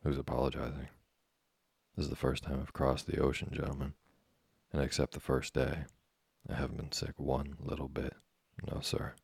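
A man's voice: extremely low pitch, completely flat delivery, normal speed, gravelly, breathy edge, no room sound, heavily acted. A man reading a cocky young American boy. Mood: brash. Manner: cocky, slangy bragging. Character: brash boastful American teenage boy.

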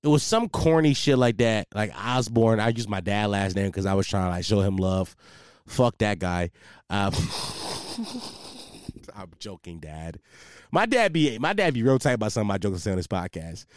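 A young man rambles through a solo podcast after a few drinks, his pitch swinging widely as he jumps between stories. He swears freely and mocks himself. The sound is dry and close, with no room echo. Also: expressive, moderate pace, smooth. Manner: profane, rambling, self-mocking storytelling. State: tipsy from drinking. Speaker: podcast host. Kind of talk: casual solo podcast monologue. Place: home setup with a ring light, facing camera.

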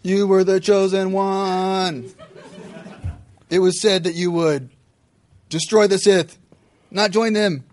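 A man's voice: high voice, fairly even intonation, slow pace, long pauses, a little mellow. A man playing a solemn, grieving male Jedi master in a comedic film-scene parody, with an over-the-top earnest delivery.

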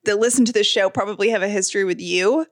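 A woman's voice: mid-range voice, fast, dry recording, clean studio sound. A woman from Georgia with a Southern accent, co-hosting a casual podcast in a bubbly, enthusiastic way. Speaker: podcast co-host.

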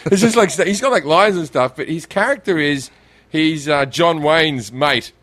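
A man's voice: fairly high pitch, moderate pace, fairly bright tone, dry recording. Swearing Australian man telling rambling stories. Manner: swearing, rambling, laughing storyteller. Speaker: guest. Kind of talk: casual podcast chat.

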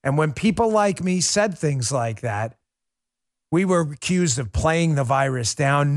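A man's voice: fairly high pitch, expressive, unhurried, creaky, dry recording, studio quality. Fervent man hosting a talk show. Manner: fervent, with repeated rhetorical questions; addresses listeners as folks. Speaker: political talk show host. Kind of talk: opinion monologue to listeners.

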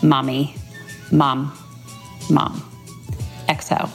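A woman's voice: a bass voice, flat delivery, drawn-out words, vocal fry, faint music behind. A middle-aged woman, a mother, reading a fond birthday tribute and telling a tender family story. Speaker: mother leaving a birthday message. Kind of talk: read-aloud birthday tribute.

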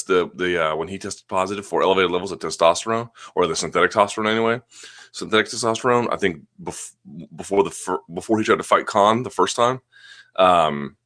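Bright-voiced man rambling through a live chat. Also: deep voice. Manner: rambling, self-deprecating, with frequent restarts. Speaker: host of a live chat show. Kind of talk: casual live-stream chat answering viewer questions. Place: at home.

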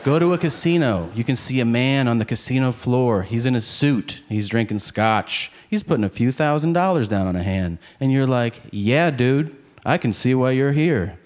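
Stand-up comic man with lively delivery. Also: medium pitch. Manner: animated, acts out characters in quick asides. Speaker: stand-up comedian. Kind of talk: stand-up comedy set. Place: comedy club stage before a laughing audience. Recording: live club recording with crowd laughter and noise.

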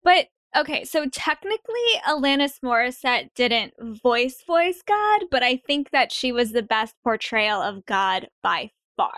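A woman hosting a podcast in casual chat, lively and quick to laugh. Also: fairly high pitch, dry recording, clean studio sound. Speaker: podcast host.

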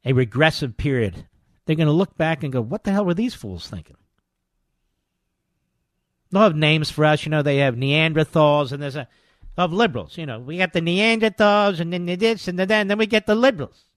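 Speaking on the high side and fairly quickly, an older talk radio host delivers a sarcastic, combative monologue. He swings from loud jabs to quiet asides, and the studio-quality audio has no echo.

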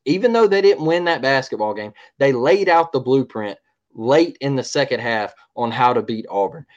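A man's voice: mid-range voice, lively intonation, moderate pace, highs cut off. A man co-hosting a sports podcast, ranting in a heated, repetitive way and often asking "all right?". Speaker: podcast co-host.

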